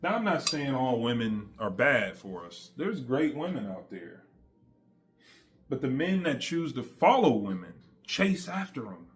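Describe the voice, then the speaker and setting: A man's voice: mid-range voice, sing-song, a little slow. A man giving a casual, slangy faith testimony straight to his audience, emphatic and conversational. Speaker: faith vlogger.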